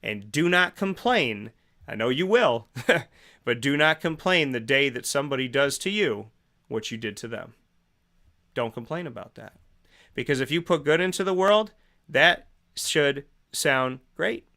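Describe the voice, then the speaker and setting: A man's voice: mid-range voice, animated, measured pace, bright, forceful tone. A male host giving a preachy motivational morning monologue, asking rhetorical questions and repeating phrases for emphasis. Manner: acts out both sides of imagined conversations.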